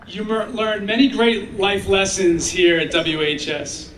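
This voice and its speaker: A man giving a graduation speech as the guest speaker, telling stories in an animated way and acting out the children's voices. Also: high-pitched, a little slow, a little hiss or hum. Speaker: commencement speaker. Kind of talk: ceremonial speech with storytelling. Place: graduation ceremony. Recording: echoey sound from far off.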